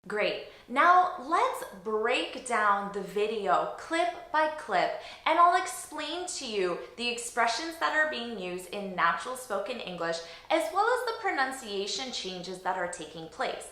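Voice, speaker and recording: A woman teacher breaks down spoken English for learners, saying each phrase slowly and having them repeat it. Her voice moves lively up and down. The room has a noticeable echo. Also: on the high side. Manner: slow, deliberate, modelling phrases for repetition. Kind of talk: explaining pronunciation to learners.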